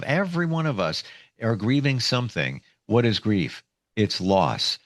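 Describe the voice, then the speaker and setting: Male podcast host, reflective, lively intonation, dry recording. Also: mid-range voice, no echo. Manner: reflective, asks questions, frequent affirming murmurs. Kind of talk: podcast interview.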